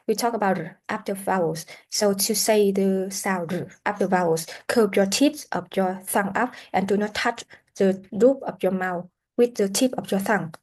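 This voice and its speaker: A woman teaching English pronunciation in a recorded lesson, explaining slowly with many "uh" fillers and modeling words for students to repeat. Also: medium pitch, darkish tone. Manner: slow, explanatory, with frequent "uh" fillers; models sounds and words for repetition. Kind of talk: recorded classroom lecture.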